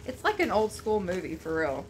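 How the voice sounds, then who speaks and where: A woman vlogger chatting to camera at home while unboxing a gift, gushing and excitable. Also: medium pitch, normal speed, slight background noise. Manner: gushing, excitable, Southern-style "y'all". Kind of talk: casual chat to camera.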